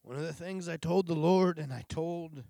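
A man preaching a sermon in an earnest, confessional way, pausing and sighing between thoughts. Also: a little high, vocal fry, warm tone, no echo, studio quality.

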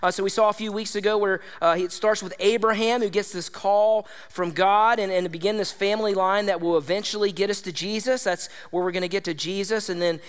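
A man preaching a sermon to his congregation, energetic and conversational, often checking in with his listeners. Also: sits high, a little fast, hardly any pauses, clean tone, big-room sound. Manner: energetic, conversational, with tag questions like "all right?". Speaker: pastor. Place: church hall.

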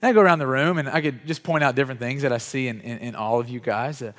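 A man's mid-range, a bit bright voice comes fast with few pauses and a long reverb tail as he preaches in a church hall with chairs. This pastor addresses the congregation conversationally with questions, full of restarts, fillers, frequent "like," and false starts.

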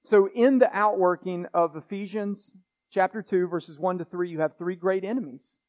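A man's voice: high-pitched, moderate pace, narrow, tinny audio. A man pastor preaching a sermon in an earnest way, repeating phrases and restarting himself as he presses his points.

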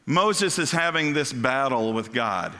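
A man preaching a sermon as pastor, animated and asking the congregation questions. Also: medium pitch, unhurried. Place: church sanctuary. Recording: long hall reverb.

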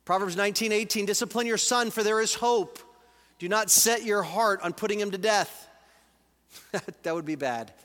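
Reading scripture and explaining it earnestly, a man in his forties delivers a conversational sermon from a church sanctuary. He has a high-pitched, slightly bright voice at normal speed, echoing through a reverberant hall.

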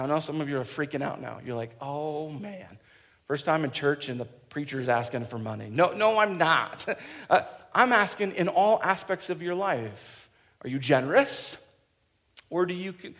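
A man's voice: fairly high pitch, fairly bright tone. A man in his thirties preaching a sermon, joking and acting out little quotes as he goes. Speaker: pastor.

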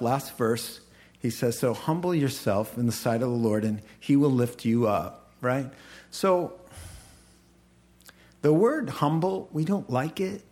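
Slow-talking male preacher. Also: medium pitch. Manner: conversational, animated asides with quoted voices. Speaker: pastor. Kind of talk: sermon.

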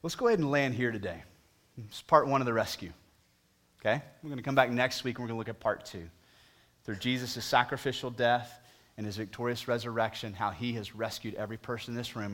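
A man preaching a sermon, pleading with the congregation, moving from booming emphasis to hushed appeals. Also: quick pace. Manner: talks to the congregation directly with questions. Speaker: pastor.

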